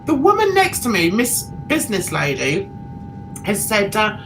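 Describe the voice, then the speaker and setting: A middle-aged English woman telling a chatty, animated story on her livestream, laughing at herself. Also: mid-range voice, a little slow, noisy background. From England. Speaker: YouTuber.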